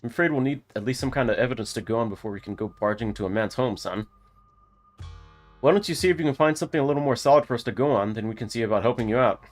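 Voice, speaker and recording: A man's voice: medium pitch, racing, soft background music, lightly acted. A man voicing a patronizing middle-aged small-town sheriff who talks down to people. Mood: condescending.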